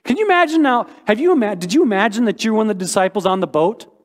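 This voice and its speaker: A man preaching a sermon as a pastor, animated and joking, with sudden high exclamations. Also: quick pace, big-room sound.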